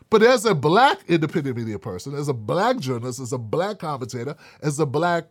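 A man's voice: on the high side, sing-song, a little fast, few pauses, no echo, clean studio sound. A man hosting his own online commentary show, talking in a sarcastic, mocking and profane way. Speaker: independent media commentator.

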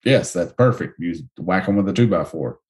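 A man hosting a casual podcast, reviewing action figures in a relaxed way with many ums. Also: low voice, moderate pace. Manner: relaxed, descriptive, hesitant with ums. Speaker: podcast host.

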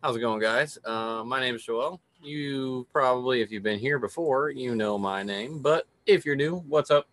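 A young man co-hosting a casual podcast, excitable and playful. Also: mid-range voice, normal speed, hardly any pauses. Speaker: podcast co-host. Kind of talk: casual chat.

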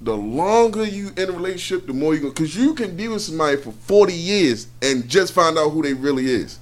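Fast-talking middle-aged man on talk radio. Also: fairly high pitch. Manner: relaxed, colloquial, storytelling. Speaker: radio talk show panelist. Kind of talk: casual radio discussion.

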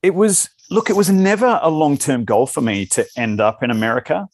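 A man's voice: a little high, fairly quick, no room sound. A man with an Australian accent, talking as an actor guest in a casual interview and giving loose, rambling answers that circle back on themselves.

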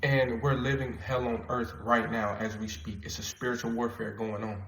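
A man's voice: mid-range voice, flat delivery, normal speed, fairly bright tone, slight background noise. A man with a mid-range voice tells a story in a loose, casual way. He speaks earnestly and circles back to repeat his words. His voice carries a roomy echo. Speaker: podcaster.

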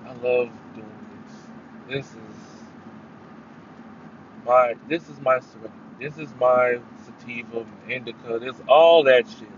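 A man's voice: mid-range voice, a little slow. A man hosting a casual solo podcast, rambling and swearing, with sudden emphatic bursts. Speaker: podcast host. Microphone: headphones mic. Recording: dull lo-fi sound with faint noise.

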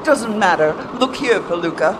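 A woman's voice: medium pitch, lively intonation, moderate pace, very noisy, lightly acted. A woman playing a bossy sarcastic mind reader. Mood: commanding. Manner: dry, commanding, sarcastic. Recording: music underneath.

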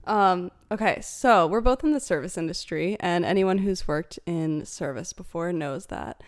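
A young woman co-hosting a casual podcast chat, chatty and quick to laugh. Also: lowish voice. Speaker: podcast co-host.

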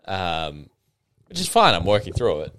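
Tipsy man ranting on his podcast, swinging pitch, swears, mocks people in put-on voices. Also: unhurried, no room sound. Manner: animated, swearing, mocking impressions. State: a bit tipsy. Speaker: podcast host. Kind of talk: casual solo podcast rant.

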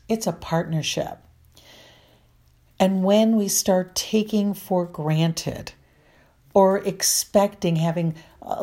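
A woman's voice: on the low side, warm tone. A middle-aged woman marriage counselor giving earnest, repetitive advice to listeners. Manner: earnest, repetitive, slow and deliberate.

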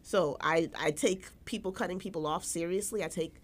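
A woman's voice: lowish voice, a little fast. A woman co-hosting a podcast in casual chat, candid and emphatic, often restarting her sentences. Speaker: podcast co-host.

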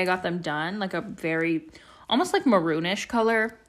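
This young podcast host chats from home at a moderate pace, her voice lowish but fairly bright. Her talk wanders casually, thick with fillers like "like" and frequent swearing.

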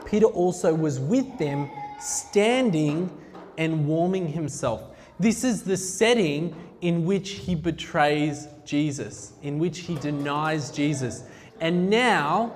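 A man preaches in a loose, conversational way, joking with the room and then growing heartfelt and intense. His voice sits a little high for a man. It rings out with the long reverb of a large hall. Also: animated, slow pace, slight background noise. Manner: conversational, jokey, grows emotional and intense. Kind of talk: sermon.

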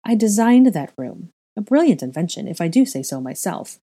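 A woman reading the lines of a wise, earnest woman founder in a portrait, in a measured manner. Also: fairly low pitch, very animated, mellow, breathy edge, dry recording, studio quality, full character voice.

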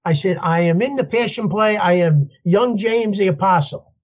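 An older man, a podcast guest telling his story in an animated way and laughing as he goes. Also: high-pitched, moderate pace. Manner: animated, laughs as he tells stories, acts out voices in quotes. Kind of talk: storytelling interview.

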